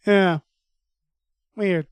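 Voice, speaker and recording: High-voiced man rambling on a podcast. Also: steady tone, very slow, clear, resonant tone, dry recording. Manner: rambling, hesitant, full of fillers. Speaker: podcast co-host. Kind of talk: casual chat.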